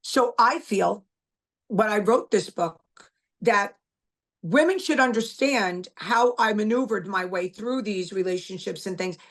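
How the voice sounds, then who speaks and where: A woman's voice: mid-range voice, unhurried, fairly bright tone. A middle-aged woman, a guest and author, talking bluntly and emphatically in a casual interview, repeating her points.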